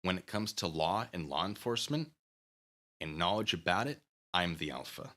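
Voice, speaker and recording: A man's voice: low-pitched, animated, moderate pace, a bit bright. A man hosting his own channel, ranting to the camera and goading a rival in a taunting, sarcastic way. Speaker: channel host.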